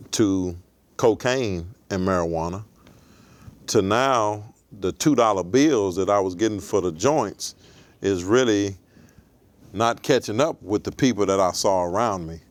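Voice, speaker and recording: A man in his forties, a guest in an interview, telling his life story in a measured, reflective way. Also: on the low side, no room sound.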